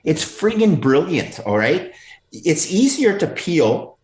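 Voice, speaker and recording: Guest man, emphatic and lively, echoey room on a video call. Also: a little high, slow pace. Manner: emphatic, animated. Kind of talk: casual chat.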